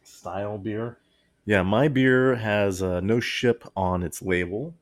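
A man's voice: lowish voice, takes it slowly. A man co-hosting a podcast in casual chat, rambling and often breaking into laughter mid-sentence. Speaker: podcast co-host.

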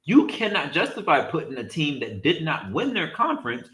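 A man co-hosting a casual sports podcast, talking in an animated, emphatic way and sometimes searching for words. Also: a little high, moderate pace, reverberant, rough recording. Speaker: podcast co-host.

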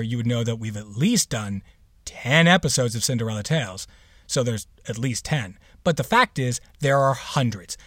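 A man's voice: mid-range voice, no echo, studio quality. Playful, sarcastic podcast host, man. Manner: playful and sarcastic, with jokey asides. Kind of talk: casual podcast introduction.

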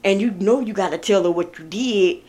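A woman's voice: medium pitch, moderate pace, darkish tone. A woman giving a casual tarot reading, talking bluntly and with exasperation, swearing as she addresses the viewer directly. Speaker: tarot card reader.

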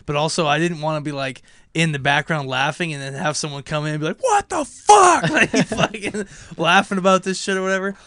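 A man's voice: a little high, steady tone, fast talker, bright, forceful tone, clean tone, no room sound, studio quality. A young man chiming in during casual chat, laughing and swearing.

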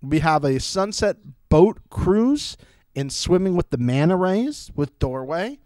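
A young man co-hosts a chatty reality-TV podcast, throwing in mock-dramatic asides. His voice sits a touch high and swings widely in pitch. The mic is close and dry. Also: lively intonation, unhurried, a little mellow, no room sound. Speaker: podcast co-host. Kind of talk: casual podcast banter.

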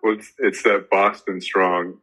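A man co-hosting a podcast in casual chat, upbeat and joking, cutting in with quick agreements. His voice is low and husky with a bright, forceful tone. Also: level tone, poor audio. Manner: joking, upbeat, eager interjections. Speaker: podcast co-host.

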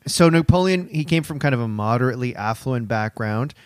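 Lively man laughing through history notes. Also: medium pitch, brisk, no echo, clean studio sound. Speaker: co-host. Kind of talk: casual comedic podcast chat.

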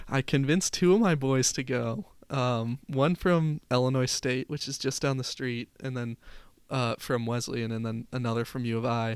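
A man's voice: medium pitch, smooth, dry recording. A young man co-hosting a podcast, telling playful stories and laughing through them. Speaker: podcast co-host. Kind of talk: casual storytelling chat.

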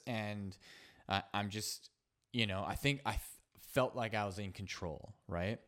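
A man hosting a solo podcast, telling a personal story in an earnest, halting way with frequent restarts and fillers. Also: lowish voice, a bit bright. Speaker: podcast host.

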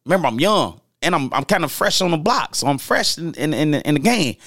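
A man spins old street stories in a loose, casual way, his voice sitting a little high and full of gravelly fry. He acts out the people in the tale with lively jumps in his voice. The sound is close and dry, with no room around it. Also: fairly quick, dry recording. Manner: animated, acts out quoted voices, loose slang-heavy talk with restarts. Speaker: storyteller host.

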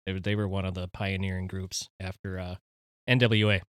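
Low-voiced man, easygoing chat. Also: level tone, normal speed, fairly bright tone, clean tone, no echo, studio quality. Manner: easygoing, reminiscing, laughs often. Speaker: podcast co-host. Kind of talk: casual banter.

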